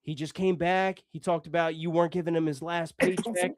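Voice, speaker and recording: A man's voice: on the high side, level tone, fairly quick, noisy background. A man telling a long story casually, rambling, swearing and acting out the dialogue.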